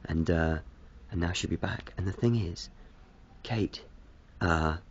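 A man's voice: sits low, takes it slowly, muffled recording, slight background noise. A man rambling hesitantly to camera in a casual vlog, self-deprecating, smoking as he talks. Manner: smoking a cigarette while talking. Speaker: video blogger.

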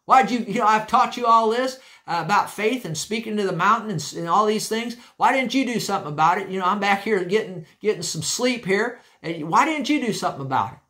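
A stern male teacher scolds his fearful followers with loud, pointed questions, as a preacher acts him out. The voice is pitched high and pushed hard, every question landing as a reproach. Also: big pitch swings, quick pace, few pauses, exaggerated voice. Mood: exasperated.

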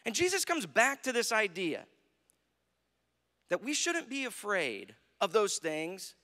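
An American man preaching in a church, telling the story with feeling and often checking in with "right?". His voice sits high and swings widely. It rings with a long reverb from the sanctuary. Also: wildly swooping pitch, unhurried, pushed and bright. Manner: storytelling preacher, acts out quotes, asks "right?". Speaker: pastor. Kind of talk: sermon.

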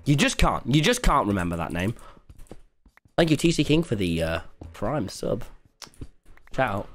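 A man's voice: medium pitch, wildly swooping pitch, faint music behind. A man with an English accent, chatting casually on a livestream while gaming, rambling and swearing as he rants. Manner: rambling, profane, quick to rant.

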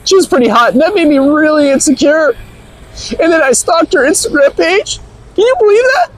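A man putting on a falsetto voice to play a whiny, lovesick young Gen Z woman in a comedic live-stream sketch, with giggles and a whining delivery. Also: lively intonation, a little fast, poor audio.

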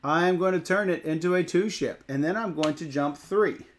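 A man's voice: on the high side, moderate pace. A man playing a board game on a livestream, teasing his co-host playfully and thinking his moves through aloud. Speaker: co-host and fellow player. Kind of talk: casual livestream chat while playing.

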